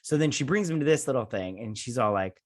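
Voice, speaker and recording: A man's voice: medium pitch, lively intonation, fast talker. Rambling, joking man recapping an episode. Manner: rambling, full of fillers, jokey asides, acts out quotes in voices. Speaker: show host reviewing a TV episode. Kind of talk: casual episode recap and review.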